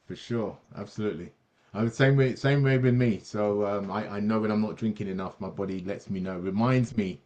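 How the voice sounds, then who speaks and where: A man's voice: on the low side, darkish tone. A man hosting an online product presentation, talking enthusiastically with many fillers and restarts.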